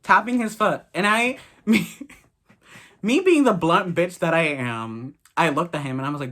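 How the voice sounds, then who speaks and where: A man's voice: high voice, animated, moderate pace, fairly bright tone. A young man vlogger telling a story casually, blunt and crude, swearing often.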